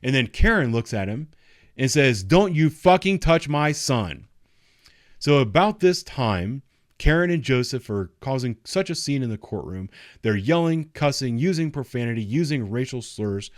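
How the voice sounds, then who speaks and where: A man's voice: medium pitch, animated, normal speed, dry recording. Blunt, profane man, dry room. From United States. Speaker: patrol officer commentator. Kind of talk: casual commentary.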